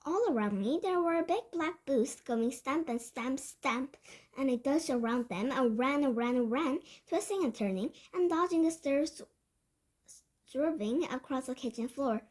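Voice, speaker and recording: A woman reads a children's novel aloud in the first person, her voice high and light. She tells it with a lively storytelling lilt, now and then stumbling and restarting a phrase. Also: a little slow. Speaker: book reader.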